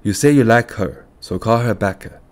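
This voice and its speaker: A man's voice: fairly low pitch, moderate pace, pitched above the performer's own voice, lightly acted. A man doing a scolding older mother. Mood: insistent. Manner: scolding, insistent. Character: older widowed mother, stubborn and fretful.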